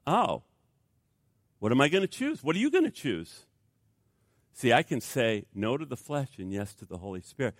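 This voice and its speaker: A man preaching a sermon as pastor, animated, acting out inner voices for his congregation. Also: mid-range voice, normal speed, pauses often, no room sound, studio quality. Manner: animated, acts out voices of flesh and Spirit.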